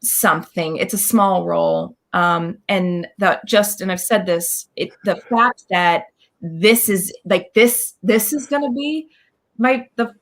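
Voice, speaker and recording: Chatty woman telling an excited story. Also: medium pitch, takes it slowly. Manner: excited, rambling storytelling with many restarts. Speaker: guest actor. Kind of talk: casual interview chat.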